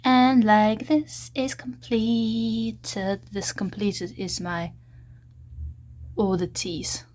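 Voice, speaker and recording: Slow-talking rambling woman vlogger. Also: medium pitch, fairly even intonation, darkish tone, a little hiss or hum. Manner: emotional, rambling, with halting restarts. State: unwell, recovering from side effects. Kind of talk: casual unboxing vlog.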